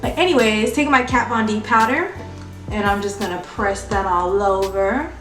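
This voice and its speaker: A woman's voice: medium pitch, moderate pace, fairly bright tone. A woman beauty vlogger talking through a casual makeup tutorial in a chatty, sing-song tutorial voice. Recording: echoey room, distant mic, music behind.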